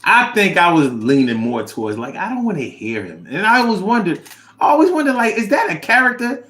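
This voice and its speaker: Animated man reading chat aloud. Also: brisk. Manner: animated, drops to low mumble reading comments. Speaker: livestream host reading chat. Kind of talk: casual chat.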